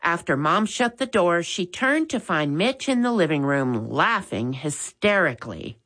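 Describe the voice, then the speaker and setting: Slow, expressive woman reading a story. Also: fairly low pitch. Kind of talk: reading a children's chapter book aloud.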